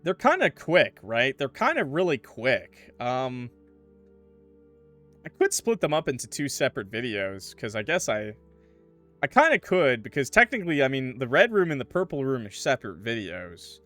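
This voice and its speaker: A man streaming a game, chatting casually and thinking aloud in an animated way. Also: medium pitch, normal speed, faint music behind. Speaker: gaming streamer. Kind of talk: casual let's-play commentary.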